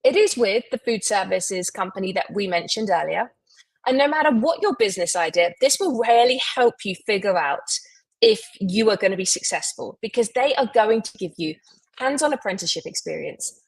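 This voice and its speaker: A woman hosting a live recruiting show, pitching job openings briskly with frequent "um"s. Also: animated, husky, no echo, low-quality recording.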